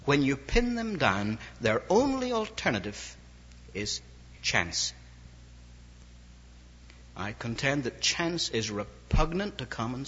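Recorded long ago in lo-fi within an echoing hall, a man delivers a sermon built on anecdotes, acting out other people's dialogue as he goes. His medium-pitched voice sounds pushed and bright, with a breathy edge.

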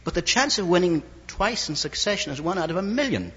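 A man delivering a sermon in a somewhat high, animated voice with a husky edge, acting out each exchange in his stories. The sound is dull and lo-fi, with a long reverb from a large hall. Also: brisk. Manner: storytelling, quoting others in dialogue. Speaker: preacher. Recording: lo-fi old recording in a reverberant hall.

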